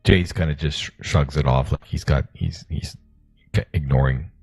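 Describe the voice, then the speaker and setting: Deep gravelly man, stammering. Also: steady tone, a little mellow, no room sound, soft background music. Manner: stammering, halting. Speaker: player. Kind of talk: tabletop game banter.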